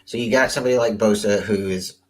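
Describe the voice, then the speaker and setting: A man's voice: fairly low pitch, fast, low-quality recording. A man hosting a casual football talk show, loose and chatty, often repeating words and trailing off mid-thought. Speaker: sports talk host. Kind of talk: casual sports commentary.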